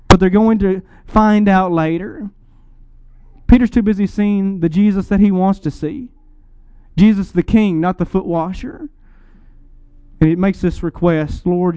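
A man preaching a sermon, explaining scripture and Greek words in a teaching tone. He swells up on lists of titles and drops low for emphasis. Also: warm tone, smooth, dry recording.

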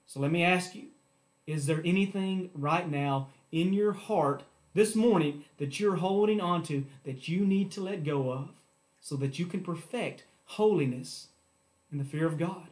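A male pastor delivers a sermon in a notably high voice. He pushes key phrases up with force, then falls back to softer, pleading lines as he addresses the congregation. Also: measured pace. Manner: preaching with emphatic rises and hushed drops.

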